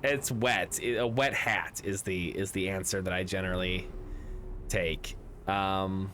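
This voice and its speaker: A man's voice: low-pitched, fairly even intonation, unhurried, fairly bright tone, slight background noise. A man streaming a video game, chatting casually and rambling through jokes while reading chat aloud.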